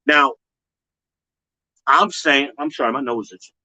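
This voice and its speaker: Male host, blunt and slangy, bright edge, dry close sound. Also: slow, no room sound, poor audio. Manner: blunt, slangy, talks straight to viewers; mocks others with high put-on voices. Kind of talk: casual commentary livestream.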